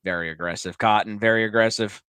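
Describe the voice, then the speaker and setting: A man's voice: on the low side, fairly even intonation, fast talker, pushed and bright, clear, resonant tone, no room sound. A man hosting a live day-trading stream, talking casually and joking, swearing freely as he reads the market.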